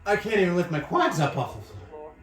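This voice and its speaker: A man's voice: on the high side, big pitch swings, a little fast, fairly bright tone. An Australian man talks his way through a stretching routine, complaining and laughing at himself as he strains. He sounds a little out of breath. The room is echoey, with faint music playing behind him. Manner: whiny, self-mocking, groaning through stretches. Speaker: fitness vlogger. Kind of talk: casual workout vlog.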